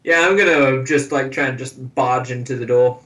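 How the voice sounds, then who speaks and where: A man's voice: mid-range voice, fairly even intonation, normal speed, a bit bright, roomy sound, low-quality recording. A man playing a tabletop game, talking bluntly and cracking jokes. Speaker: player. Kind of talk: casual chat in a tabletop game.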